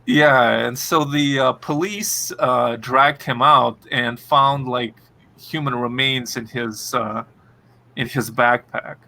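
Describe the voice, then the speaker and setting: A man's voice: mid-range voice, steady tone, slow, creaky, pushed and bright. A man co-hosting a podcast, chatting casually with many fillers and restarts. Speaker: podcast co-host. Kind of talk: casual chat.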